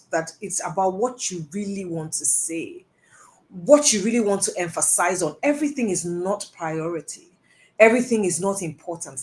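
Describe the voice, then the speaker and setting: A woman giving a casual online lesson on communication, chatty and animated, stressing words and breaking into asides. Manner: animated, lots of stressed words and rising pitch; chatty with self-asides and laughs. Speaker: communication coach.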